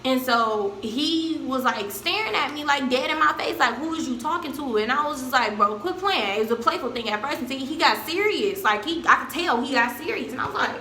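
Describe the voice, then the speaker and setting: A young woman tells a story to her camera in a loose, slangy way and belts out the quoted lines. Her voice sits a little high and sounds bright and forceful. The room around her rings with echo. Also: fairly quick, few pauses, slight background noise. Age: young adult. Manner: animated, slangy storytelling with loud acted-out quotes. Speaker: vlogger. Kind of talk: storytime vlog.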